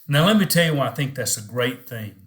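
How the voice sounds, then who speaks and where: A man's voice: mid-range voice, expressive, brisk. A middle-aged man talking casually and earnestly to camera, encouraging his listeners to pray with people.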